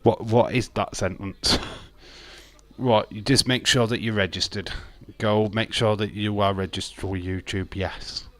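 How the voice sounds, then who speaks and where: During a live watch-along, the male host chats and jokes with viewers, laughing often and calling out people in chat by name. His fairly low voice has fairly even intonation and a slightly slow delivery.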